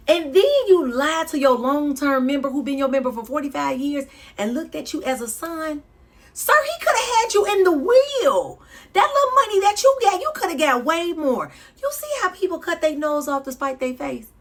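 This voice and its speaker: Woman reaction commentator, expressive and sermon-like. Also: high voice. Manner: animated, preachy, laughing asides.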